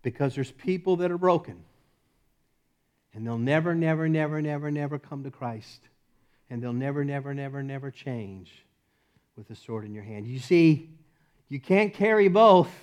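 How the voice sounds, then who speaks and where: A middle-aged man preaching a sermon as pastor, swinging from loud emphatic commands to soft, hushed lines and laughing often. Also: mid-range voice, moderate pace, pauses often.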